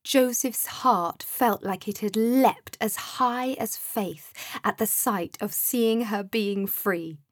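A woman reading a children's story aloud in a slow, soothing way. Her voice sits on the higher side and is breathy, and the recording is dry and close. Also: no room sound. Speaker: narrator. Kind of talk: storybook narration.

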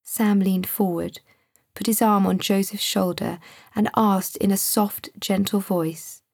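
Woman narrator, children's story, calm measured reading, husky breathy tone, dry close sound. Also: mid-range voice, no room sound. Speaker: storybook reader.

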